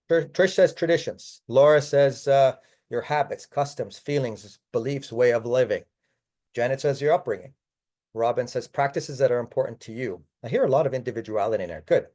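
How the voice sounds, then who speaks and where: A man's voice: mid-range voice, darkish tone. A man giving a conversational palliative care presentation over a video call, often addressing his audience as folks. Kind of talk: online webinar talk.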